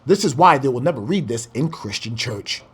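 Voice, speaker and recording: A man's voice: medium pitch, lively intonation, normal speed, a bit bright, breathy edge. A man preaching a fiery scripture breakdown, firing rhetorical questions and swearing as he exclaims.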